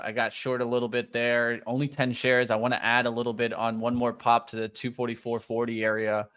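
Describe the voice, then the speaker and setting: A man's voice: medium pitch, a bit bright, clean tone. A man co-hosting a live trading show, giving running play-by-play of price moves and his trades. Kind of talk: live market commentary.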